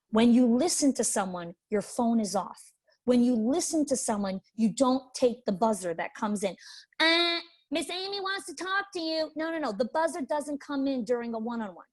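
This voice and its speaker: A woman's voice: a little high, warm tone. A woman leadership coach teaching a webinar in an emphatic way, repeating her key points. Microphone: webinar microphone.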